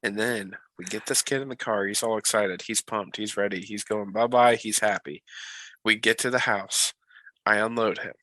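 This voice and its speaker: A man chatting on a podcast while sick with a cold, telling stories in a profane, animated way. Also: lowish voice, moderate pace, no echo, low-quality recording. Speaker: podcast co-host. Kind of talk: casual chat.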